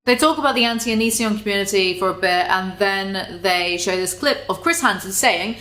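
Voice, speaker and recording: A woman's voice: mid-range voice, lively intonation, brisk, hardly any pauses, fairly bright tone. Sarcastic woman commentator. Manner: sarcastic, chatty, swears casually. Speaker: commentary YouTuber.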